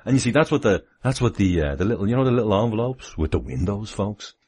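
A man's voice: on the low side, very animated, fast, darkish tone, breathy edge. A man, chatting casually on a livestream from home with many chuckles and rambling asides. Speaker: livestream host. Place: home, near the kitchen.

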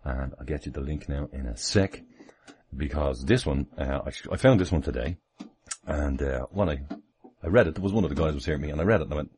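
A man's voice: rumbling low, fairly quick, darkish tone. A man, chatting casually on a livestream from home with many chuckles and rambling asides. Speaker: livestream host. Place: home, near the kitchen.

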